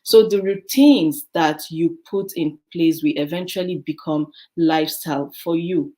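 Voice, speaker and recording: An African-born woman with a low voice talks as a guest in a casual interview. She tells stories from her own life in a lively way and laughs often. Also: measured pace. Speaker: guest, beautician.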